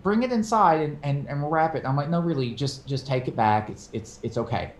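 A man telling a story in casual podcast chat, animated and swearing casually, acting out quoted voices. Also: a little high, a little fast, echoey room. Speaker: podcast co-host.

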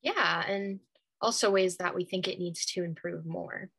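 Woman podcast co-host, bright tone, casual and giggly. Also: lowish voice, measured pace, breathy edge, no room sound. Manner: chatty, laughing, lots of fillers. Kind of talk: casual chat.

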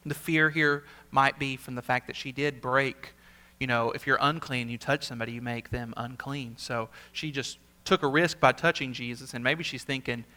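A male senior pastor preaching a sermon. He speaks earnestly, repeats words for emphasis, and swings from emphatic peaks to quiet asides. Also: medium pitch, steady tone, normal speed.

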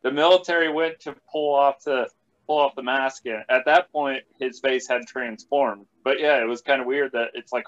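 A man in a casual podcast chat, talking in a halting, hesitant way with many restarts. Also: medium pitch, steady tone, fairly bright tone. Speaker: podcast regular. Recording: dull lo-fi sound.

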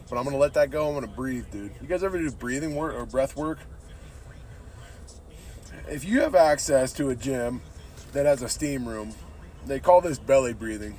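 With a darkish, medium-pitched voice and a normal pace, a man hosts a podcast in a relaxed, meandering style, swearing often and calling everyone "dude" constantly. There's a slight hiss or hum on the recording.

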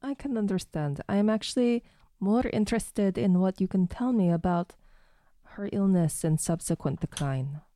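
A woman's voice: mid-range voice, moderate pace, dark tone, dry recording, studio quality. A woman playing a tabletop game in character, polite and hesitant. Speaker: player.

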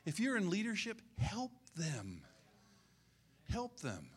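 A man in his sixties preaching a sermon in an animated, conversational way, repeating his key phrases. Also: high-pitched, slow, husky. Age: 60s. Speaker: pastor.

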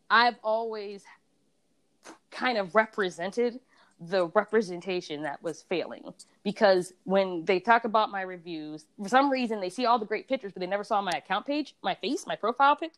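A woman's voice: mid-range voice, normal speed, a bit bright, clean tone. A woman in a casual conversation about beauty brands, a reviewer and blogger who tells her stories with animation and acts out other people's voices.

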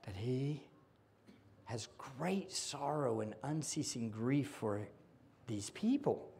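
A man preaching a sermon as pastor, moving from hushed whispers to loud emphatic exclamations. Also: medium pitch, takes it slowly, slight background noise. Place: church sanctuary.

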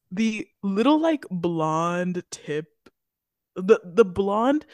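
A woman's voice: on the low side, no room sound, clean studio sound. A woman co-hosting a podcast in casual chat, giggly and laughing often. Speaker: podcast co-host.

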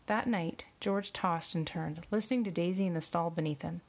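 A woman narrating a novel aloud in a measured, expressive reading. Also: fairly low pitch. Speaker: audiobook narrator. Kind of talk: storybook narration.

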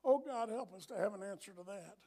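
Middle-aged pastor preaching, high voice, keeps repeating lines, goes quiet then loud. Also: male voice, a little fast. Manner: emphatic, repetitive, swings from hushed to loud. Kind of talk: sermon.

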